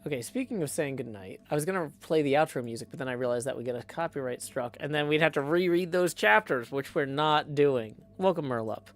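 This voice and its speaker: A man's voice: on the high side, lively intonation, fairly quick, hardly any pauses. A man chatting casually on a live stream while he plays. He hums tunelessly, mutters to himself and slips in dry joking asides. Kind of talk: casual livestream chat while playing.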